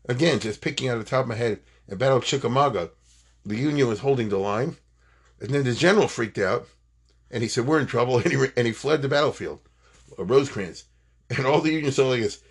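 A man giving an informal Torah class, animated and digressive, mixing in Hebrew phrases and retelling war stories. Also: medium pitch, brisk, husky. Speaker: Torah teacher.

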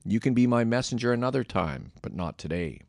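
A man's voice: mid-range voice, sing-song, brisk, gravelly, a little mellow, no room sound. A man voicing a blunt, commanding army commander in a scripture reading. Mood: firm. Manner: curt, commanding.

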